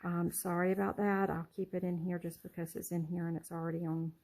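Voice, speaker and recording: A middle-aged woman casually showing her handmade journals in a vlog, soft-spoken and rambling, with lots of ums and self-corrections. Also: lowish voice, little pitch movement, brisk, creaky, rough recording. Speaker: junk journal crafter showing her work. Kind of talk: casual show-and-tell vlog.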